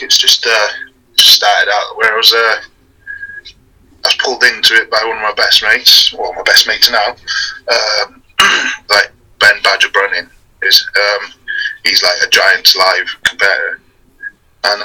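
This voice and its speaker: A young man from Wales, a wrestler and strongman guest, chatting casually with a relaxed, laughing manner and many fillers. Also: lowish voice, a little slow, pauses often, breathy edge, rough recording. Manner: laid-back, laughs often, hesitant fillers. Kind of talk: casual chat.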